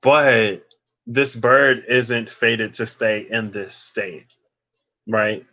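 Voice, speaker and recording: A man's voice: on the low side, pushed and bright. A young man reading tarot casually for a vlog, rambling and digressing with plenty of fillers. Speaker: tarot reader.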